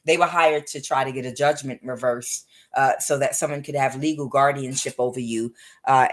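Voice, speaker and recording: A woman giving a casual spoken tarot reading in a meandering, conversational way, often drifting into chatty asides. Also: a bass voice. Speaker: tarot reader.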